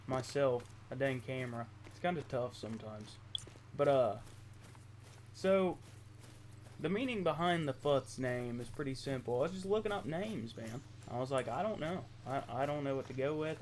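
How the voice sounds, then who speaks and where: A young man from southeastern Ohio with an Appalachian accent, chatting casually over gameplay, halting and full of ums. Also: mid-range voice, a little hiss or hum. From southeastern Ohio, USA. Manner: rambling, halting, lots of ums and self-corrections. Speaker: gaming YouTuber.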